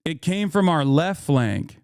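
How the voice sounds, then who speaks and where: A man's voice: a little high, big pitch swings, takes it slowly, no echo, clean studio sound. A man streaming casual commentary, swearing freely and rambling in an indignant tone.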